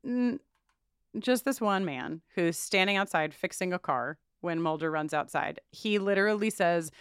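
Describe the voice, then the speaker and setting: A podcast co-host recaps a TV episode in casual chat, laughing often and swearing freely. Her voice is on the low side and clean at a normal speed, captured in studio quality with no room sound.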